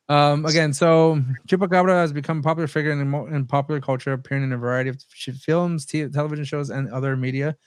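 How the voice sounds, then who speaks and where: A man's voice: on the high side, steady tone, fast talker, clear, resonant tone, dry recording. A man co-hosting a podcast in casual chat, reading out notes between laughs and casual swearing. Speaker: podcast co-host.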